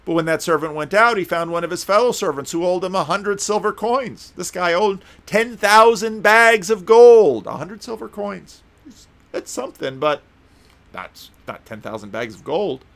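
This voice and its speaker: A man's voice: high voice, expressive, normal speed, fairly bright tone. A man giving a conversational sermon, reading scripture aloud and breaking off for wry, casual asides, with occasional stumbles and restarts. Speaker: preacher.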